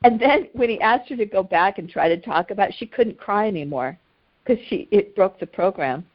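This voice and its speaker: A woman's voice: mid-range voice, expressive, fairly quick. A middle-aged woman coaching a session in a casual way, telling stories with animation, repeating words and laughing often. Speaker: emotional healing coach. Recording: slightly dull audio.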